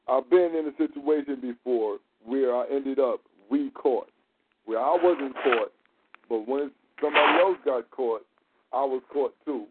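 A man's voice: medium pitch, husky. Man telling stories over tinny audio. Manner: loose, profane, laughing storyteller. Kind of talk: casual storytelling chat.

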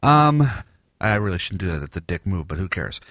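A man's voice: low voice, big pitch swings, brisk, a bit bright, no room sound, clean studio sound. A man hosting a casual podcast in his morning voice, rambling and joking with many fillers. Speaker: podcast host.

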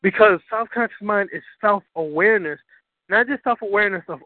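A man's voice: sits high, a little fast, no echo, phone-quality sound. A man hosting a talk show on spirituality. He talks emphatically, swears freely and keeps asking his listeners whether they understand. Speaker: host.

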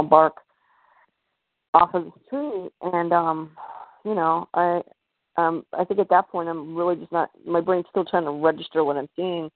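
A woman's voice: fairly low pitch, no room sound. A woman as a podcast guest, telling a personal story in a hesitant way, full of fillers and restarts. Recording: tinny phone-like line.

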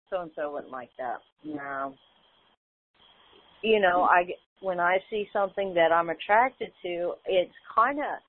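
A woman speaks on a group call about changes in her life, heartfelt and a little rambling. She acts out the conversations she recounts. Her voice comes through a narrow, tinny phone connection. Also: medium pitch. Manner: emotional, repeats phrases, acts out quoted dialogue. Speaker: community call participant. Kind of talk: personal sharing on a group call.

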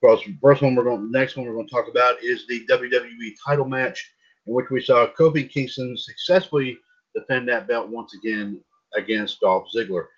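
A man's voice: medium pitch, fairly even intonation, normal speed, breathy edge. A man hosting a wrestling podcast, leading the panel and asking co-hosts for their takes. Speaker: podcast host. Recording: dull lo-fi sound.

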